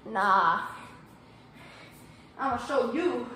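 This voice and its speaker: Trash-talking woman gamer, high voice. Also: unhurried, pauses often, fairly bright tone, very echoey, far from the mic, a little hiss or hum. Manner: trash-talking, playful tough-guy bravado. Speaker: gaming vlogger. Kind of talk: playing a game on stream.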